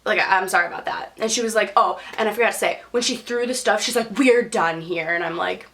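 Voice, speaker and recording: A young woman tells a story to camera in a relaxed vlog style, her voice sitting in an ordinary middle pitch. She talks in a chatty stream full of "like" and jumps into a higher voice when she acts out what people said. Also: fast talker. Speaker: YouTube storyteller.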